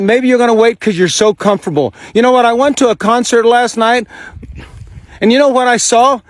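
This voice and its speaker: A fired-up man speaking outdoors on a farm, with a high voice. His sound is close and dry. He hammers the listener with angry, profane rhetorical questions. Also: no room sound. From United States. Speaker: songwriter. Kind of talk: impassioned rant to camera.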